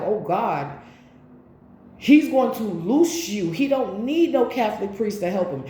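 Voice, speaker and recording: A woman giving a casual spiritual tarot reading, rambling and animated, with preachy asides. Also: medium pitch, reverberant. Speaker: tarot reader.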